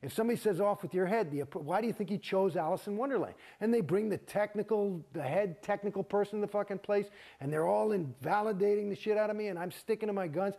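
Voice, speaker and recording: A middle-aged man, an actor, telling his own story in an interview, profane and animated, acting out the exchanges he describes. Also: high voice, fast, few pauses. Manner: profane, animated, gets heated and acts out quoted exchanges.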